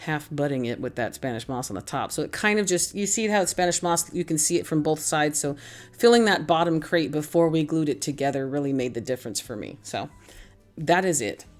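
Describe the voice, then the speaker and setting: A middle-aged woman with a notably low, darkish voice hosts a craft channel, narrating a tutorial over faint background music. She rambles cheerfully and chattily through the steps, poking fun at herself along the way.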